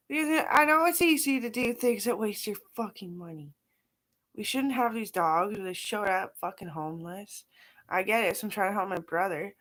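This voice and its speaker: A woman's voice: mid-range voice, moderate pace, fairly bright tone. A middle-aged woman talking in a rambling, casual monologue, profane and scattered, jumping from aside to aside. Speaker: vlogger.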